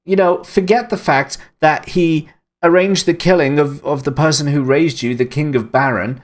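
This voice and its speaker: A man's voice: on the high side, moderate pace. A man doing casual, sarcastic commentary while streaming a game, ranting at the story.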